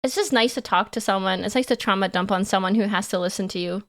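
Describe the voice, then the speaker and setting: A woman's voice: medium pitch, quick pace. A woman livestreamer chatting casually with her chat in a playful, giggly way.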